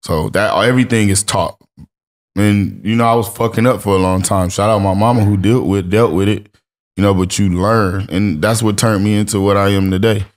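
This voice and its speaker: Low-voiced man telling lessons casually. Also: steady tone, moderate pace. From Los Angeles. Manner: laid-back storytelling with acted-out quotes and slang. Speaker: streetwear brand owner, podcast guest. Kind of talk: casual interview talk.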